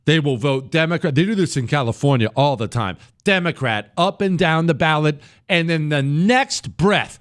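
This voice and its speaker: Man, radio talk host, sarcastic monologue, lively swooping pitch, dry close sound. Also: measured pace, hardly any pauses, no echo. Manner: sarcastic, mocks people in put-on voices.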